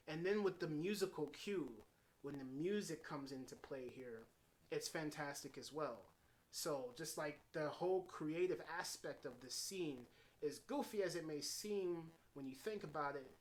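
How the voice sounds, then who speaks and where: A man giving a casual spoken film review, excitable and swearing freely as he runs through scene after scene. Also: on the high side. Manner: excitable, swears freely, strings events with "and then". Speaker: movie reviewer.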